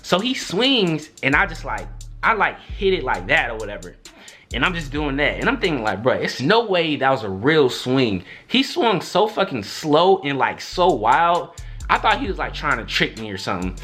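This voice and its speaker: A man's voice: moderate pace, faint music behind. A young man vlogging a storytime in a loose, slangy way, acting out what others said with big jumps in his voice. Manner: animated, slangy, acts out quotes with big pitch jumps. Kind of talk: storytime monologue.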